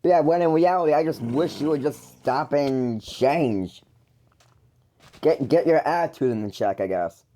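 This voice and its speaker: Mocking and exasperated, a man rants into the camera to call out his older brother as a YouTuber. His voice sits on the high side, mellow and moderately paced, and he rambles, frequently stumbling and starting over.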